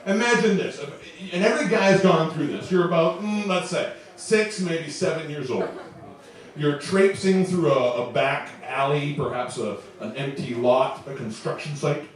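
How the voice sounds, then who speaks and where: A man's voice: on the high side, a little slow. A man in his twenties performing a stand-up comedy set on a club stage, chuckling through his own jokes. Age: 20s. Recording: echoey club, distant mic, audience.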